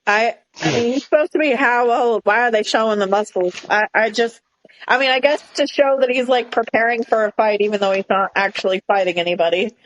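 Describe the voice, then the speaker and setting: Excitable Southern woman podcast co-host. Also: fairly high pitch, brisk, muffled recording, slight background noise. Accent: Southern American. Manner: enthusiastic, stumbles over names. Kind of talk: casual chat.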